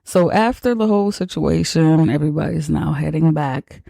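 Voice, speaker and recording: A man hosting a podcast, retelling a horror film in a casual, animated way with exaggerated reactions. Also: on the high side, moderate pace, vocal fry, dry recording. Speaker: podcast host.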